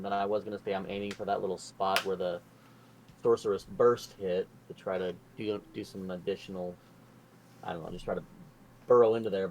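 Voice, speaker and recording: A man with a fairly low voice plays a tabletop game, talking through his moves in a relaxed, upbeat way. A faint hum of room noise sits behind him. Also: creaky. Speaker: player. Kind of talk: casual tabletop game chat.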